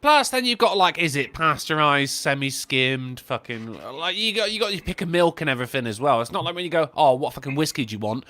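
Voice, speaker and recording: A man riffing on a livestream with profane, sardonic humour. His voice is bright and sharp, and it swings up and down a lot as he talks. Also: a little high, very animated, a little fast, few pauses. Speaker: stream co-host. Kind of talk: casual chat.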